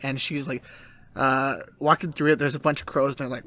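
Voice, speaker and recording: A man's voice: medium pitch, fairly quick. A man hosting a casual podcast, retelling an anime episode with goofy put-on voices. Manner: animated retelling with silly voices. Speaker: podcast host.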